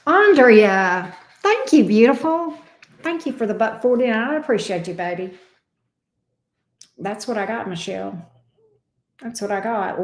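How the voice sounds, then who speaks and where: A woman's voice: mid-range voice, expressive, moderate pace, long pauses, echoey room. A woman giving tarot readings on a livestream, casual and affectionate, calling her viewers babe and sweetie and swearing lightly. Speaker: tarot reader.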